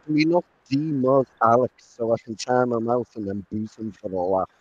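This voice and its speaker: A man's voice: mid-range voice, animated, moderate pace, darkish tone, no echo. A man with an English accent on a call to a livestream, repeating his request patiently. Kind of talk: casual chat over a call. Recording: dry, dull call audio.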